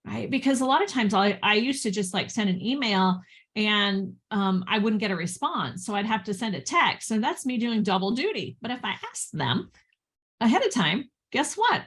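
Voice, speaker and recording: A woman business coach talking casually about communication, chatty, with frequent "right?" and "you know" and laughs between points. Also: mid-range voice. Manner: chatty, lots of fillers and tag questions.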